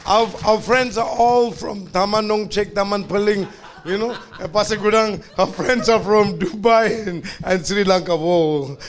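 High-voiced man preaching a sermon. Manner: exhorting, calls for congregation responses. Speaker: pastor. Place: church service.

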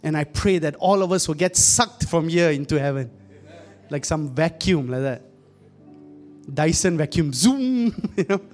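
A man's voice: on the high side, moderate pace, a little mellow, faint music behind. A young man preaching a conversational sermon, often calling out to the congregation and joking in asides. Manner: joking, laughs at his own asides.

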